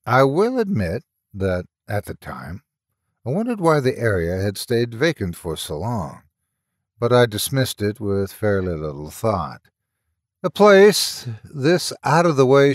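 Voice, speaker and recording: Male storyteller, mid-pitched, lively dramatic reading, dry studio sound. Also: no room sound. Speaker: horror story narrator. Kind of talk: scripted narration.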